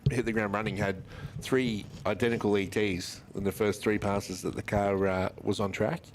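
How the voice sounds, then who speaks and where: A man calling drag races live, chatty and quick with times and speeds. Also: on the low side, flat delivery. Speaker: drag racing commentator. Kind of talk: live race commentary. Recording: faint track noise behind.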